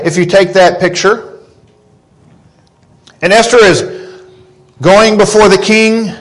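A man in his thirties preaching a sermon, earnest and deliberate, rising in pitch when he quotes scripture. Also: a bit bright, rough recording. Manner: slow, earnest preaching with emphatic rises on quotes. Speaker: pastor.

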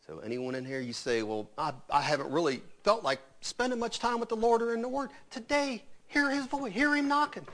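A man preaching a sermon, swinging between loud emphatic lines and hushed, quiet asides. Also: very high voice, lively intonation, a little fast, hardly any pauses.

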